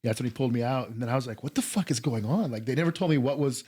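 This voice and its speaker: A man spins a story in a casual podcast chat. His voice sits at an ordinary middle pitch, loose and laid-back. He swears freely and slips into quick impressions of other people. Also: darkish tone, breathy edge. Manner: profane, laid-back, acts out quotes. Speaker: podcast guest.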